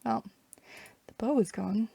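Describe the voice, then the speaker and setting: Gravelly-voiced Canadian woman streaming games. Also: a little high, unhurried, mellow, no room sound. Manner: chatty, rambling, wry asides. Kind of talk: casual game stream commentary.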